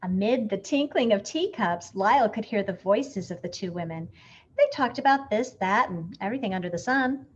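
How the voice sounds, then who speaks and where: Woman storyteller, expressive read-aloud, lively pitch, dull muffled recording. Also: moderate pace, a little hiss or hum. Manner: expressive, animated narration.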